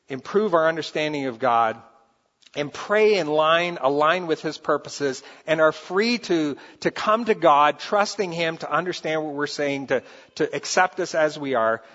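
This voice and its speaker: Male preacher, animated delivery, rather high voice; dull recording in a reverberant church. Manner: animated, rises high and loud for acted quotes, drops soft for scripture. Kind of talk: sermon. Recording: dull sound with long hall reverb.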